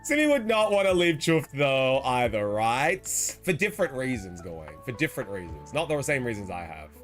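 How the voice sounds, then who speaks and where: Lively bright Australian man. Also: mid-range voice, normal speed, faint music behind. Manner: chatty, laughing, slangy, reads chat aloud. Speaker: streamer. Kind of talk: casual chat with live chat.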